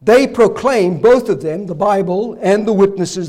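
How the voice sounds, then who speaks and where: A man preaching a sermon with rhetorical questions, hoarse, his voice failing and breaking into coughs. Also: high-pitched, unhurried, warm tone. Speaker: pastor.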